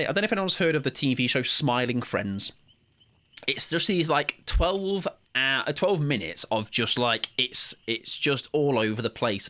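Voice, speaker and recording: A man's voice: on the low side, fairly bright tone, no echo. A man streaming a game, chatting casually to his viewers, rambling and joking with casual swearing. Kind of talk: casual live-stream chat during gameplay.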